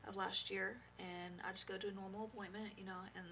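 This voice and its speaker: A young woman guest on a podcast shares a painful personal story in a halting, heartfelt way, leaning on fillers as she goes. Her voice sits in an ordinary middle pitch with a noticeable gravelly fry. A faint hiss lies under the studio recording. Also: level tone, bright, forceful tone. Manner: halting, heartfelt, full of "you know" fillers. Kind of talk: emotional personal testimony.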